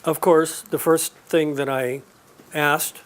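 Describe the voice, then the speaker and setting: A man teaching a live class, explaining and telling stories in a relaxed, conversational way. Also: a little high, slow, clean tone. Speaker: aromatherapy teacher.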